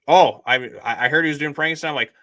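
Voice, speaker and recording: A man's voice: a little high, fast, sharp tone, no room sound. A man co-hosting a casual movie review podcast, rambling with lots of "like" and "um". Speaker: podcast co-host.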